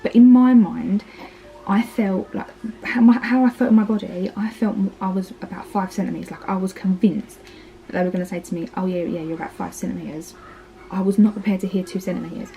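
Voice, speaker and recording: A parenting vlogger in her thirties, from Essex, England, with an Essex English accent, chats through her birth story, acting out quoted lines and saying "like" and "um" plenty. Her mid-range voice is steady, brisk and mellow with vocal fry, recorded with poor audio and slight background noise.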